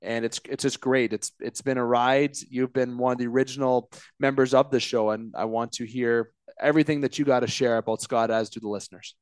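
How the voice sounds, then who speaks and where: A man's voice: medium pitch, fairly even intonation, brisk, clean tone, dry recording. A man hosting a podcast, chatting casually and encouraging his guest. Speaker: podcast host. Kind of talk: casual interview chat.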